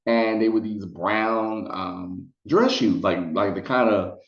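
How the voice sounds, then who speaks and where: A man telling a casual storytime to his viewers, chatty and animated, slipping into high put-on voices when quoting people. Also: a little slow, hardly any pauses, roomy sound, dull audio. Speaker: storytelling vlogger.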